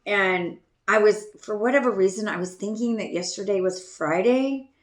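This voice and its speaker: A woman's voice: medium pitch, normal speed, reverberant. A woman hosting a podcast, telling a casual story in a chatty, self-deprecating way, laughing often and trailing off with ums. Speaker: podcast host.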